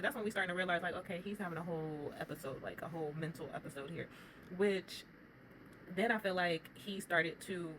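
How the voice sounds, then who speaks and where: A woman's voice: fairly low pitch, background noise. A woman giving casual, opinionated commentary as she recaps a reality show, talking straight to her viewers.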